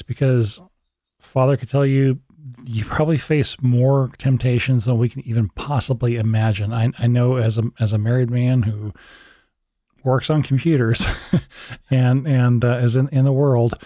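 A male podcast host speaks earnestly in a mellow, darker tone. The sound is dry and close. He hesitates now and then with small fillers. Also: medium pitch, steady tone, normal speed, no room sound. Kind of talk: casual chat.

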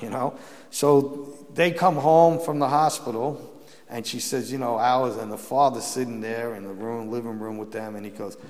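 A man's voice: medium pitch, steady tone, moderate pace, darkish tone. A man, a Catholic priest, preaching a sermon and telling stories with emphatic bursts and frequent restarts. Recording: long hall reverb.

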